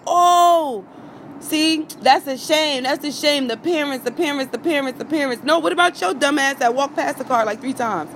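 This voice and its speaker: Going live on her phone outdoors, a woman vlogger rants heatedly and profanely, hammering her points home through repetition. Her voice is on the high side, with a little hiss or hum in the audio.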